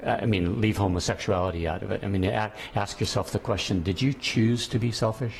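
A man's voice: on the low side, steady tone, brisk, gravelly, background noise. A man teaching a class, lecturing on ethics and thinking aloud as he goes, often restarting his sentences.

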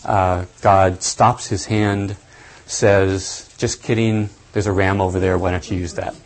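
A man giving a lecture on scripture, thinking aloud deliberately and stressing key points. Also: sits low, steady tone, poor audio. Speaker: Bible teacher.

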